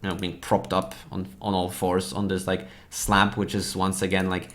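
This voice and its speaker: Halting, low-voiced man running a game. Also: completely flat delivery, a bit bright. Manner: halting, full of fillers and restarts. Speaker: dungeon master. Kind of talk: narrating a tabletop game.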